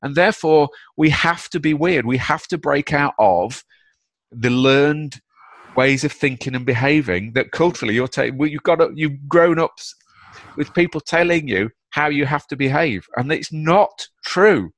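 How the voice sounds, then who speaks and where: A man's voice: a little high, moderate pace, no echo. Chatty man, dry close sound. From United Kingdom. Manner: energetic, blunt, chatty, sweary. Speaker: guest author. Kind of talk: casual chat, storytelling.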